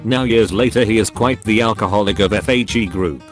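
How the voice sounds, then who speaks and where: A man narrating online posts in an even, matter-of-fact scripted reading. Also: fairly low pitch, brisk. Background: faint guitar music.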